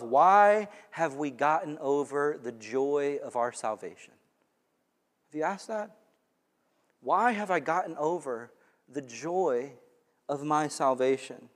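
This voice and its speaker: A man preaching a sermon as pastor, conversational and animated, often repeating words as he goes. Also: on the high side, big-room sound.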